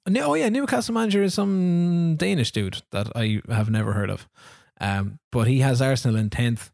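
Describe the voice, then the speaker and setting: In a clean, dry studio recording, this podcast co-host speaks at a medium pitch and moderate pace, his voice gravelly, a little mellow, and expressive. Chatting casually about a football video game, he rambles through stories, laughs a lot, and performs the dialogue.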